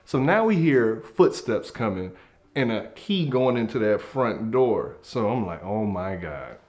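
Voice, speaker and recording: A young man telling a comedic story from his childhood, acting out the scenes and dropping into hushed tones. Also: medium pitch, a little slow. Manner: animated, acts out scenes, drops to hushed tones. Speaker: comedy group member.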